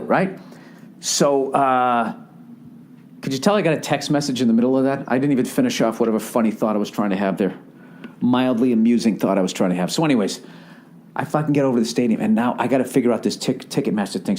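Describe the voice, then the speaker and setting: A man's voice: medium pitch, a little mellow, a little hiss or hum. A man in his forties hosting a podcast, telling a rambling, profane comedic story and acting out the voices of the people in it. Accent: Boston. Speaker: podcast host. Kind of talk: casual comedic monologue.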